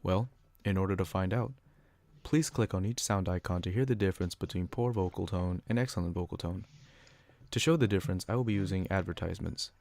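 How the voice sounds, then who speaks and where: A young man reading a scripted educational podcast, a little flat as he reads from prepared notes. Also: low-pitched, fairly quick, creaky, no room sound. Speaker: student podcaster.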